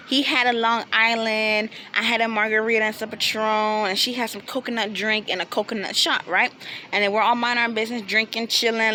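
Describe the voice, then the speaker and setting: A young woman, casually telling a storytime with animated quotes and bursts of laughter. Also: a little high, slight background noise. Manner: animated, laughing, quoting friends in quick bursts. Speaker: vlogger.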